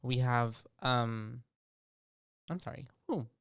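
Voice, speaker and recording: Smooth-voiced man recapping a movie casually. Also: medium pitch, fairly bright tone, no room sound, studio quality. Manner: laid-back, drops to mumbles, acts out characters in quick bursts. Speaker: podcast co-host.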